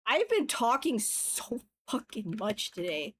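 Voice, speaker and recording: Female streamer, higher voice, casual jokey chatter with swearing, tutorial asides. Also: very animated, slow, fairly bright tone, slight background noise. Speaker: livestreamer sculpting digital art. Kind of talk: casual chat while demonstrating software.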